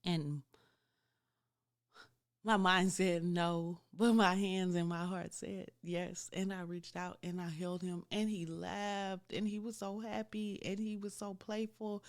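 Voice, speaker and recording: A medium-pitched woman in her thirties hosts a podcast, speaking directly to her listeners as she shares a candid personal story rooted in her faith.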